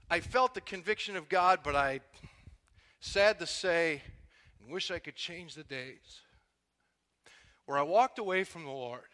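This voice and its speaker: High, bright-voiced man preaching in a hall. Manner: storytelling testimony, swings from quiet to loud and impassioned. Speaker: pastor. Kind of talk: sermon.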